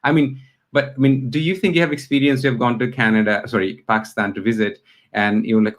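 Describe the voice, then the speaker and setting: A male host speaks at an average pitch. His delivery is animated and outspoken. He throws in quick asides as he talks. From Bangladesh. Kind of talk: interview hosting.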